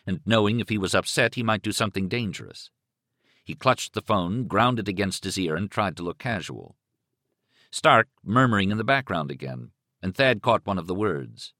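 Expressive lower-voiced male narrator. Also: moderate pace, dry recording, clean studio sound. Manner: expressive, dramatic reading. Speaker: audiobook narrator. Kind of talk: scripted narration.

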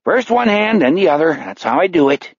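A growling old killer who taunts his captive in quick, raised bursts, short of breath between threats, as a man puts him on. The storybook villain sounds pitched up and hurried against the narrator's own voice, on a dull, dry recording. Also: sing-song, gravelly, husky, dry recording, exaggerated voice. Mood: smug. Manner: taunting, wheedling, clipped threats.

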